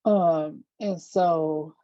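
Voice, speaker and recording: A woman vlogger casually recapping a TV episode, chatty and animated, acting out quotes and dropping side comments. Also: sits low, extremely slow, dry recording, muffled recording. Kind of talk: casual chat.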